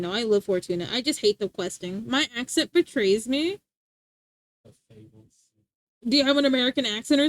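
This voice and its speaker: Streaming from home, a young woman in a high-ish voice chats casually with her audience, reading their messages, teasing them playfully and laughing frequently. The recording has no echo.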